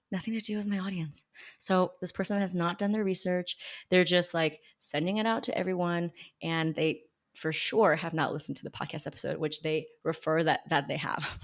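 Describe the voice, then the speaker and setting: A woman coaching on public relations, casually critiquing examples with emphatic jumps in pitch and quiet, low asides. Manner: emphatic, with big pitch jumps when reacting. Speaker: small business PR coach and podcast host. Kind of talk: casual critique read to camera.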